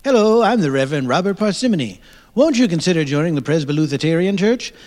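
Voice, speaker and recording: A man's voice: fairly high pitch, expressive, fast, a little mellow, long reverb tail, close to an everyday voice. An actor playing a pompous male reverend who blusters and swears as he begs people to join his church. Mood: blustering. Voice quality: blustering, crude preacher patter.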